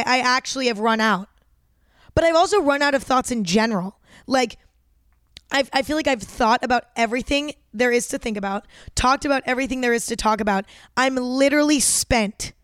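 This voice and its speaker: A woman's voice: a little high, smooth, no echo, clean studio sound. A young woman hosting her own podcast, chatting casually in a rambling, self-deprecating way, full of fillers and swearing, a little groggy from an early start. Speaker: podcast host. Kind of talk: casual solo podcast chat.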